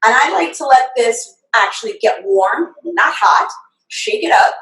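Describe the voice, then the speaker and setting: A high-voiced woman chef walks through a recipe with a bouncy, sing-song delivery, chatty and quick to laugh. She sounds distant from the mic in an echoey room. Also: expressive, fairly bright tone. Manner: chatty, laughing, explains measurements step by step. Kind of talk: live cooking demonstration. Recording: roomy echo, far from the mic.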